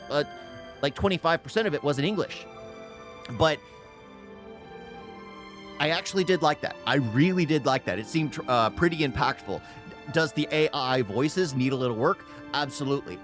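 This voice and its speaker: A man's voice: a little high, a bit bright. A man giving casual, off-the-cuff reaction commentary, rambling and repeating phrases for emphasis. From United States. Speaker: reaction video host.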